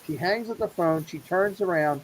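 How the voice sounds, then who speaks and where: A man's voice: high-pitched, normal speed, a little hiss or hum, poor audio. A middle-aged man hosting a casual show, animatedly acting out the people in his story. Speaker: show host.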